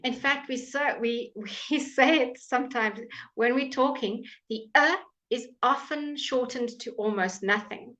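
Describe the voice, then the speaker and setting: A woman gives a live online English pronunciation class from home through a computer mic on a live stream. She speaks slowly and patiently, repeating each word so her students can copy it, in a somewhat high, slightly bright voice.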